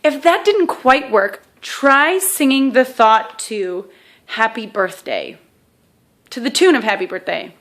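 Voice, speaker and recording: A woman's voice: on the high side, expressive, slow, fairly bright tone. A woman teaching a self-help exercise to camera in a casual, chatty way, often checking in with "okay?" and joking at her own expense. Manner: self-deprecating humor.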